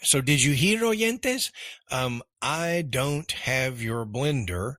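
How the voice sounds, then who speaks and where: Man explaining English grammar on a podcast, calm and unhurried, bright voice, dry sound. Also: medium pitch, dry recording. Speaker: podcast co-host and English teacher. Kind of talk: language lesson podcast.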